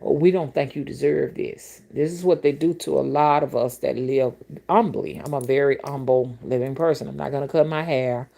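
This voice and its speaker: Woman rootworker, deep low voice, chatty and blunt, tells stories straight to camera. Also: fairly even intonation, moderate pace, gravelly, warm tone. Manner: blunt, colorful, exclamatory storytelling with asides to viewers. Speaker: rootworker and spiritual reader. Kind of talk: casual storytelling to camera.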